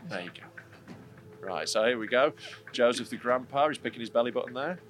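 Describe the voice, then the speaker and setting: Lively man hosting a podcast. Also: mid-range voice, normal speed, slight background noise. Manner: chatty, joking, laughs often. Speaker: podcast host. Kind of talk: casual podcast chat.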